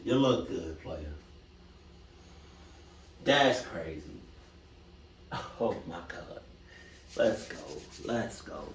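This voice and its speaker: A man reacting to scary stories in casual slangy commentary with loud animated outbursts. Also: sits low, extremely slow, pauses often. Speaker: reaction streamer. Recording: distant roomy mic with faint noise.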